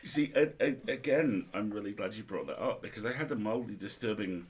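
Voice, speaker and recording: A man hosting a livestream chat, an animated storyteller who acts out quotes. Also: lowish voice, brisk, slight background noise. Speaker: podcast host.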